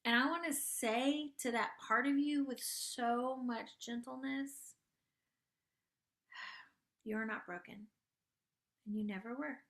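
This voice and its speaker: A woman hosting a gentle spiritual coaching talk and guided meditation. She speaks soft and tender, draws her words out, and sometimes drops to a hushed near-whisper. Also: fairly high pitch, steady tone, slow, long pauses. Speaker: host and spiritual life coach.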